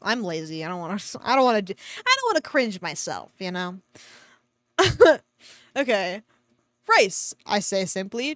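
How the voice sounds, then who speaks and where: A woman's voice: medium pitch, fairly bright tone, dry recording. A woman streamer reading a fan story aloud with sarcastic commentary, swearing freely and laughing often, at a home desk mic.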